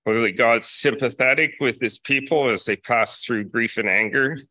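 A man preaching a sermon in a measured way, repeating key phrases for emphasis. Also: medium pitch, sharp tone, no echo.

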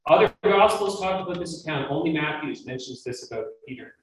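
A man's voice: on the high side, animated, a little fast, a bit bright. Earnest guy teaching the bible, asks the room questions, super echoey hall sound. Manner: earnest, emphatic, rhetorical questions to listeners. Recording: very echoey room, mic at a distance, faint noise.

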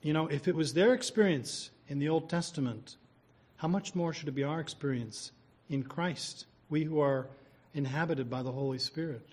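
Male preacher, earnest and conversational, fairly high pitch, reads scripture and prays. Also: normal speed, a little mellow, husky. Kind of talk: sermon with scripture reading and prayer.

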